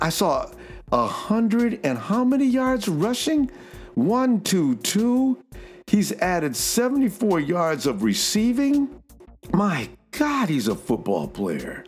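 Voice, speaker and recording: A man hosting a casual sports talk show, talking excitedly and swinging between low and high pitch.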